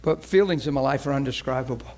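A man's voice: mid-range voice, fast, a little mellow. A male preacher delivering an emotional sermon, moving between playful banter, laughter and earnest prayer.

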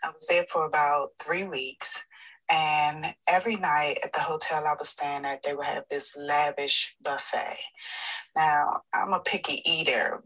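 A woman's voice: low voice, fairly bright tone, poor audio. A woman telling a funny travel story in a recorded voice note sent to a podcast. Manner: chatty storyteller, laughs at her own story. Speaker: listener sending a voice note.

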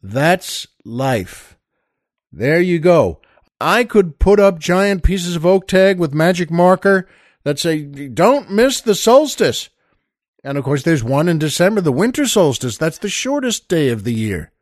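An older man hosting a show, rambling happily through his thoughts with lots of asides. His voice moves up and down a lot and sits a bit high. The sound is dry and close, with no room behind it. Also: big pitch swings, a little slow, no echo. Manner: chatty, enthusiastic, rambling asides. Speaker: show host. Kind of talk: casual monologue to listeners.

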